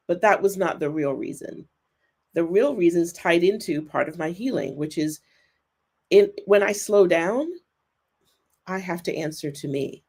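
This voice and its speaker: A woman's voice: lowish voice, darkish tone, husky. A woman guest in a reflective podcast conversation over a remote call, speaking earnestly and thoughtfully, her pace shifting as she thinks. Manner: thoughtful, earnest, speeds up and slows down. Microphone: remote video call.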